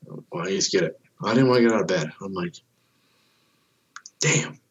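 A man in his thirties with a very low, husky voice chats casually as a podcast host. He swears freely and tells his stories by acting out other people's lines in a raised voice. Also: moderate pace. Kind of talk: casual chat.

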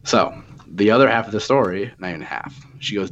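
A young man in his twenties, with a lowish voice, tells a story in loose casual chat. He swears often and slips into quoted back-and-forth. The audio sounds a little dull and lo-fi. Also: fast talker, a little hiss or hum. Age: 20s. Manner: profane, animated retelling with quoted dialogue.

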